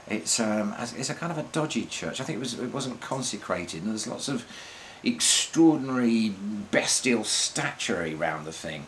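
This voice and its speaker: A man's voice: lowish voice, expressive, fairly bright tone. An older comedian rambling through a one-man stage monologue, stumbling and restarting as he goes. His voice swings widely up and down, with a faint hiss of room noise behind it. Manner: rambling, halting, full of restarts. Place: theatre stage.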